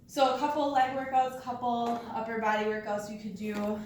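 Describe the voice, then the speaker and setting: A woman's voice: a little high, flat delivery, moderate pace, slight background noise. Woman showing coworkers band workouts, casual and chatty, kinda breathless, far from the mic in a roomy echo. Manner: casual, chatty, lots of fillers and "okay?". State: slightly out of breath. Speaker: workplace fitness instructor. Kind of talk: casual exercise demonstration. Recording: echoey room, voice from far off.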